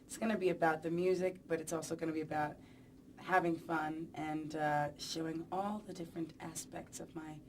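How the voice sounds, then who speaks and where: At a press event, a pop singer gives a casual interview, chatty and playful, rambling with plenty of fillers and many "you know"s. Her low voice holds a steady tone at a normal speed, recorded from a distance with slight background noise.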